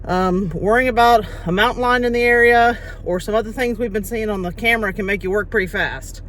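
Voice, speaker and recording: A woman's voice: medium pitch, fairly quick, a bit bright, a little hiss or hum. A woman with a Texan accent talking casually to the camera outdoors on a ranch, chatty and laughing easily. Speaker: hunter vlogger. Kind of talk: casual vlog talk to camera.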